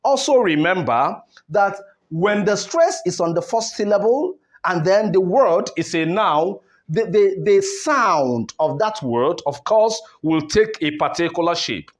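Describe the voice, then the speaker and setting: A man's voice: high voice, expressive, measured pace. A man teaching word stress, asking rhetorical questions and repeating words to contrast the stress. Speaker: English teacher. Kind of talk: classroom lesson on word stress.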